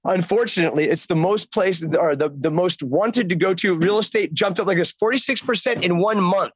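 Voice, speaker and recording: An older actor, a guest, talking in a rambling, excitable, profane way in casual chat. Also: male voice, high voice, brisk, breathy edge, no echo, highs cut off. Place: outdoors by a lake.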